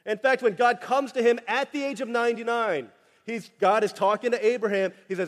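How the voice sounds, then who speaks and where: Pastor, male, high voice, animated and jokey sermon delivery, long hall reverb. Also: a little fast. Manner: animated, joking asides, acts out quoted voices.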